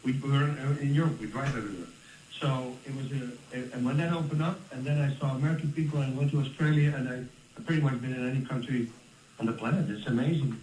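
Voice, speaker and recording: A Dutch man in his fifties telling stories in a casual interview, animated and laughing often. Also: medium pitch, quick pace, a little hiss or hum. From Netherlands. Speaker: interview guest, former fighter. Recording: roomy, distant mic with faint ambience.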